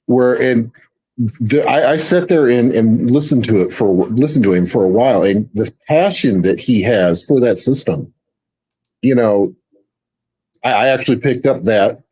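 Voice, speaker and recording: A man's voice: mid-range voice, measured pace, warm tone, slightly rough, poor audio. A man on a casual panel, talking hesitantly and repeating words as he finds his point.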